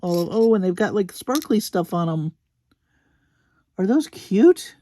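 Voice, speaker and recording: A woman hosting a crafting video, gushing slowly and admiringly over beads with soft exclamations as she unboxes them. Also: mid-range voice, lively intonation, slight background noise. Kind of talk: unboxing commentary.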